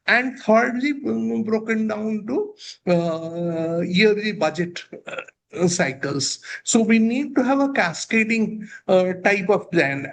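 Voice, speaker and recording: A man with an Indian English accent, speaking as a professor on a webinar panel, halting with many fillers and restarts. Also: high voice, creaky, slight background noise.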